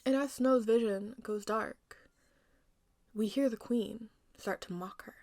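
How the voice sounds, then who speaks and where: A young woman casually retelling a fairy tale in her own version, animated and jokey, with plenty of asides. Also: a little high, slow pace. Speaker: youtuber retelling a story.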